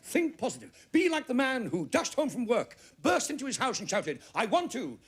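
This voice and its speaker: A man with a Northern English accent and an extremely high, husky, sing-song voice does a guest stand-up routine in a TV studio. He fires off rapid gags with exaggerated comic asides, while the noisy studio roars with a live audience.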